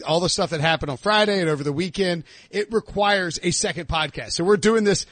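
A man's voice: on the high side, a bit bright, no room sound. Joking male sports podcast host. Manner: joking, teasing co-hosts. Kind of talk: casual sports podcast chat.

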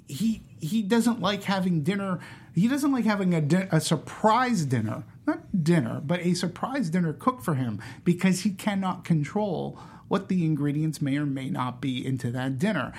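A man's voice: a little high, breathy edge. A man talking casually about a film, who acts out the characters' lines with restarts and fillers. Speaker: film discussion panelist.

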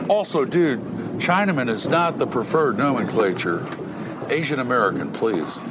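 An actor playing a blustering middle-aged bowler who lectures and swears, in a film clip with background noise. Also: male voice, medium pitch, animated, moderate pace, close to an everyday voice. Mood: lecturing. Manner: hectoring, pedantic, swears a lot.

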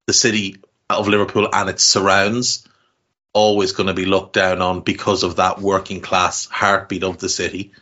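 A man co-hosting a podcast, talking through a film in casual chat, measured and thinking aloud with repeated words. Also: low voice, flat delivery, pushed and bright, lo-fi sound. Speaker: podcast co-host.

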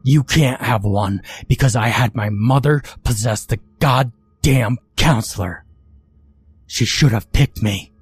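A man voicing a panicked, hot-tempered young demon boy who pleads and shouts. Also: mid-range voice, takes it slowly, husky. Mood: raging.

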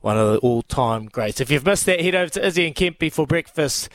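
A man co-hosting a sports radio breakfast show in casual chat, laid-back and quick to laugh. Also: on the high side, lively intonation, dry recording, clean studio sound.

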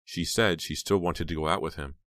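A man reads a horror audiobook in a measured, dramatic way. His voice is extremely low and sits close and dry. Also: fairly even intonation, a bit bright, no echo. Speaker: audiobook narrator. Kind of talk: scripted narration.

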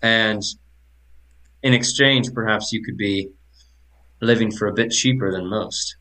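A man's voice: lowish voice, unhurried, pushed and bright. A man voicing a friendly, talkative male tavern keeper in a tabletop game, speaking in a folksy, eager way.

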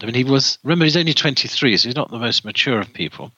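A man recounts a story as an interview guest, stumbling through restarts and fillers as he goes. His voice is bright and forward, set in a dry space with no room sound. The recording is a little dull and lo-fi. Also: medium pitch, fast talker, few pauses, no room sound. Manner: hesitant, many restarts and fillers. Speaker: author and guest.

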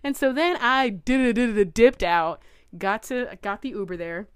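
A woman's voice: mid-range voice, measured pace, clean tone, no room sound, clean studio sound. A young woman co-hosting a casual chat, telling a dating story with lots of laughter and acted-out quotes. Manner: animated, laughs often, acts out quoted voices.

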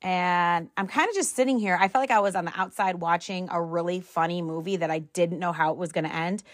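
A middle-aged woman casually telling a family story, animated and wry with exasperated humor, acting out the dialogue. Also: fairly low pitch, a little fast, dry recording, studio quality. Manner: acts out dialogue with "I'm like".

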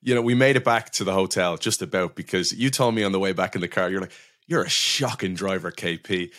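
A man's voice: low-pitched, fast talker, a bit bright. An Irish man co-hosting a podcast, playful and good-humored in casual chat. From Ireland. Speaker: podcast co-host.

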